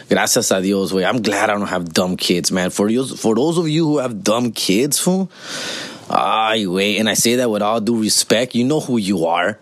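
This man in his forties hosts a podcast, joking around casually in a lowish voice with no echo. His comedic monologue is loaded with swearing and slang, shifts between English and Spanish, and keeps coming back to "fool" and "dog."

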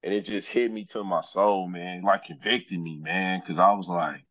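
A man's voice: sits low, steady tone, normal speed, a bit bright, no room sound, muffled recording. A man, a podcast guest, telling his life story in a laid-back, frank way and often saying "man". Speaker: podcast guest, journeyman lineman. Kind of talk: casual storytelling interview.

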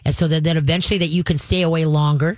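Racing along in a low, steady, slightly mellow voice, a radio call-in host offers casual dog-training tips. She laughs a lot and voices what the dog might be thinking, recorded close and dry on a studio mic with no echo.

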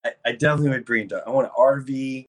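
A man hosting a podcast in casual chat, talking in a low-key, subdued way with a sore, worn-out throat. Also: racing, fairly bright tone. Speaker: podcast host.

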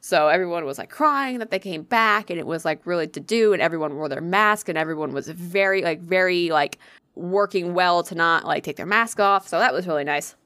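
A young woman casually telling an excitable, profanity-laced story, acting out the voices of the people in it. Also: on the low side, a little fast, no echo. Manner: excitable, swears freely, acts out quoted voices. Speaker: convention volunteer telling a story.

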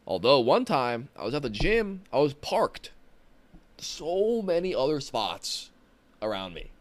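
A man's voice: mid-range voice, sing-song, measured pace, dry recording. A young man co-hosting a podcast, talking bluntly and swearing casually, trailing off with "blah, blah". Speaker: podcast co-host. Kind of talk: casual chat.

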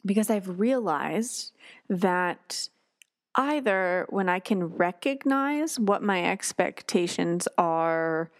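A woman's voice: lowish voice, lively intonation, takes it slowly, no echo. A woman hosting a parenting podcast, talking casually and acting out quoted lines with sighs and exclamations. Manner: warm storytelling, acts out quotes with sighs and exclamations. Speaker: podcast host. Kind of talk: casual solo podcast talk.

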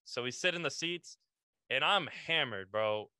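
A man's voice: mid-range voice, expressive, measured pace, sharp tone, clear, resonant tone, no echo. A young man, a podcast guest, telling a casual story full of slang and swearing, calling the listener "bro".

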